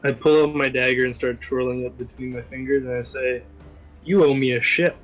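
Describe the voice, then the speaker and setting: A man from Canada plays a tabletop game over a video call. He describes each move of his character in a deliberate, step-by-step way at an ordinary pitch. Faint music runs in the background. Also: steady tone, low-quality recording. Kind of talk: casual play, describing character actions.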